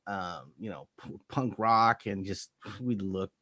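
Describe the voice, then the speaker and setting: A man's voice: lowish voice, measured pace, no echo, clean studio sound. A man telling wild stories as a podcast guest, casual and profane, laughing often. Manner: profane, laughing, animated anecdotes. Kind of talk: casual storytelling.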